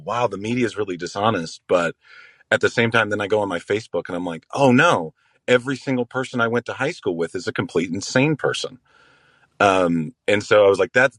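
Very deep-voiced halting male caller. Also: fairly bright tone, dry recording. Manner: rambling, halting, with many fillers. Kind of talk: casual chat.

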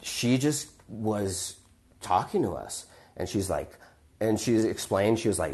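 A man with a fairly low voice tells a personal story on a podcast. He talks casually and with energy, often backing up and adding fillers as he goes. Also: very animated, a little slow, darkish tone. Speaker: podcast host.

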